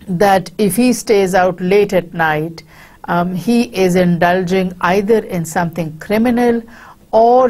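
A woman with a Pakistani accent giving a university literature lecture, explaining with frequent pauses and hesitations. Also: lowish voice, a little mellow.

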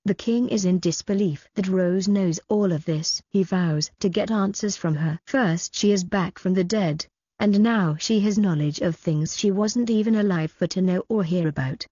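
A woman narrating an audiobook in an even, flat reading that even reads out edit notes. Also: mid-range voice, normal speed, husky, no room sound. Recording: dull lo-fi audio.

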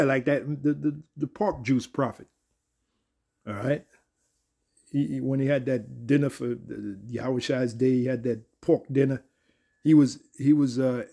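A man's voice: mid-range voice, creaky, dark tone, husky. A man giving a casual, conversational Bible teaching. He often repeats words and checks in with "all right?".

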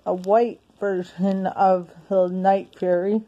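A woman's voice: mid-range voice, little pitch movement, slow pace, dark tone, muffled recording. A woman reviewing a movie in a casual home video, talking hesitantly with many restarts and sounding out of breath.

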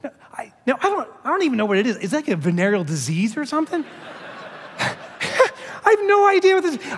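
Animated, high-voiced keynote speaker. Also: male voice, fast, long pauses. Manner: animated, joking storyteller. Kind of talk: keynote speech. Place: large conference hall. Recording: long hall reverb.

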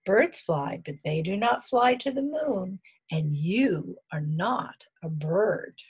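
A woman voicing a calm, patient mother bear in a storybook reading. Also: mid-range voice, takes it slowly, slightly rough, full character voice.

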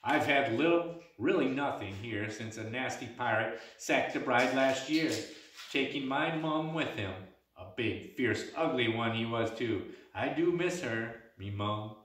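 A man voicing a spirited young tavern girl who talks briskly and bossily, with old-style turns of speech like "ye". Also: medium pitch, lively intonation, fairly bright tone, a little hiss or hum. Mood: earnest. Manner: brisk, bossy, uses old-style "ye" and "me mum". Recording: echoey room, mic at a distance.

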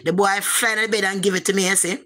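Jamaican lady rambling thru a story in patois, bright edgy voice, keeps repeating stuff for emphasis. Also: mid-range voice, steady tone, fast. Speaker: vlogger. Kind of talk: casual personal storytelling.

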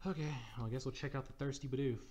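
A man's voice: medium pitch, steady tone, very fast, darkish tone, a little hiss or hum. A young man giving sarcastic, profane, jokey commentary while playing a video game. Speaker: let's play commentator. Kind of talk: casual gameplay commentary.

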